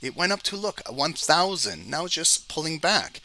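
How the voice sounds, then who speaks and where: A man's voice: a little high, very animated, normal speed, pushed and bright. A man giving live screen-share trading commentary, talking straight to his viewers, exasperated, often repeating words as he explains. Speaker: trading educator.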